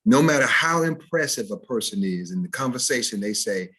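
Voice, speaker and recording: Husky man lecturing. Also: mid-range voice, fairly quick. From Mississippi. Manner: lively, demonstrative, imitates dialects. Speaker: diction instructor. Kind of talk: recorded video-call lecture. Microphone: video call.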